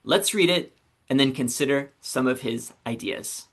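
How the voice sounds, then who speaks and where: A male philosophy instructor walks through a reading in a relaxed, conversational way. He sometimes stops to correct himself. His voice sits at a medium pitch. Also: a little slow, husky. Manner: conversational explaining, with self-corrections. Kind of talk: recorded lecture reading.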